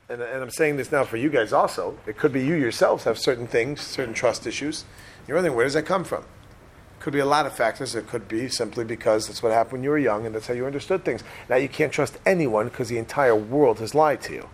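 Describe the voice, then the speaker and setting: Animated middle-aged man lecturing. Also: medium pitch, a little hiss or hum. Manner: animated, asks the audience questions, joking. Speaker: speaker addressing an audience. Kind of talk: lecture with personal anecdotes. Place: room with a live audience.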